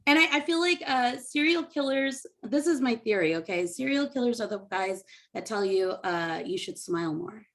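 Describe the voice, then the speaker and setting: A woman's voice: on the high side, animated, moderate pace, hardly any pauses. A woman comic doing a rambling, self-deprecating stand-up set on a video call. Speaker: stand-up comedian.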